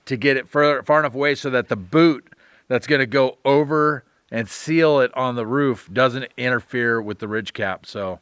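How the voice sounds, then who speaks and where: A man's voice: mid-range voice, normal speed, fairly bright tone, clear, resonant tone, dry recording, clean studio sound. A middle-aged man, homesteading vlogger, talking casually and rambling with folksy country sayings. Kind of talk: casual chat.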